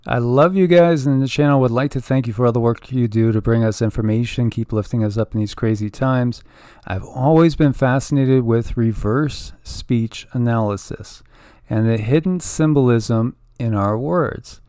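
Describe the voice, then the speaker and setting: A man's voice: medium pitch, moderate pace, hardly any pauses, dark tone, smooth, no echo, clean studio sound. A man co-hosting a casual online show, chatting easily with viewers and laughing often. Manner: easygoing, laughs often, thinks aloud. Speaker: channel co-host.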